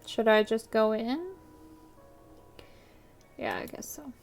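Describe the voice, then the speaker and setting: A woman streamer giving relaxed, amused commentary while playing a game. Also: fairly high pitch, takes it slowly, vocal fry, soft background music. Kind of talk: casual let's-play commentary.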